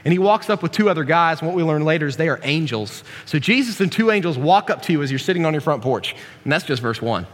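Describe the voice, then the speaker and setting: A man with a notably high voice delivers a casual, joking sermon in a folksy way, full of asides and restarts. His voice rings out with a long reverb in a church hall. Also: animated, fast, hardly any pauses. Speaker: preacher.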